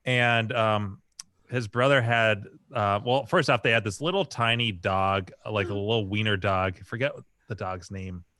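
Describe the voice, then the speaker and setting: Bright, dry-voiced chuckling guy. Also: on the low side, fairly even intonation, moderate pace, no echo. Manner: laid-back, chuckling storyteller. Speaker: podcast co-host. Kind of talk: casual storytelling.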